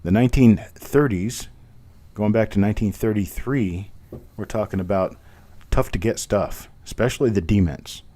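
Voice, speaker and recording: A man runs a live online coin auction, calling out bids in a steady, rhythmic patter. His voice sits low and sounds warm and relaxed. Between lots he chats and jokes at his own expense. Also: moderate pace. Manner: chatty, self-deprecating, rhythmic bid calling. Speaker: auctioneer host.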